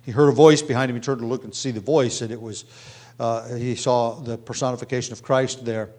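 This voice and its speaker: Halting, soft-trailing male Bible teacher. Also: medium pitch, fairly even intonation. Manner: halting, with many ums and restarts.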